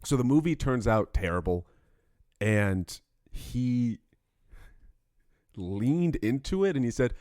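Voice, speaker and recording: A young man co-hosting a podcast in casual chat, telling stories in an animated, profane way. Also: mid-range voice, slow pace, long pauses, no room sound, clean studio sound. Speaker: podcast co-host.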